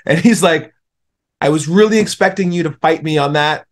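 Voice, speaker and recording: A man's voice: on the high side, normal speed. A young man, a podcast guest, telling stories in casual conversation and acting out the people he quotes. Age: young adult. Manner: storytelling, animated when quoting others.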